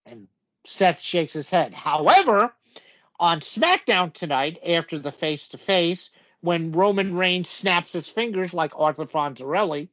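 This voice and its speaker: Guy chatting wrestling, slow and rambly, um uh a lot, muffled lo-fi recording. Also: a little high, expressive, fairly bright tone. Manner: rambling recaps with many fillers. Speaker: podcast co-host. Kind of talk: casual wrestling chat. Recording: dull lo-fi audio.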